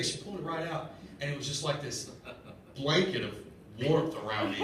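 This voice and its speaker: A man's voice: on the high side, lively intonation, fairly quick, a bit bright. A man in his thirties giving a sermon as a lay preacher, earnest and conversational, often stammering and repeating words. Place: church sanctuary. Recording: echoey church room from far off, faint hiss. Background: congregation responding.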